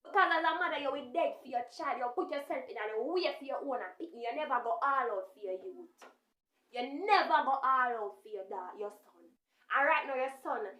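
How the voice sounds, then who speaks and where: A woman's voice: sits high, expressive, normal speed, pushed and bright, reverberant. A Jamaican woman giving impassioned reaction commentary, firing off repeated questions. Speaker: commentator reacting to a news interview.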